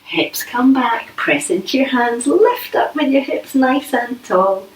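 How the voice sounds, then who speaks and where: A woman leading a yoga class for children, speaking gently and playfully with coaxing questions. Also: sits high, lively intonation, slow pace, slight background noise. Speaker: yoga teacher. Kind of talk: guided kids' yoga class. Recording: echoey room, voice from a distance.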